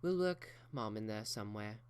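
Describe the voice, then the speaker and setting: A man's voice: fairly low pitch, animated, moderate pace, smooth, close to an everyday voice. A man voicing an elegant, proper unicorn mare who speaks in a genteel, theatrical way. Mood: breezy.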